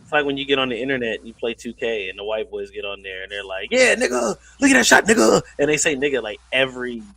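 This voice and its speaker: A man co-hosting a podcast in casual chat, telling stories with an animated delivery and mimicking voices. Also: medium pitch, quick pace, no room sound, low-quality recording. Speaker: podcast co-host.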